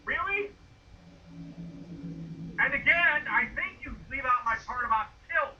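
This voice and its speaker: A man ranting loudly and profanely, mocking his opponent. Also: very high-pitched, animated, unhurried, recorded from a distance, highs cut off, slight background noise. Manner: loud, profane, mocking rants. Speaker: video creator being rebutted. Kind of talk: ranting commentary.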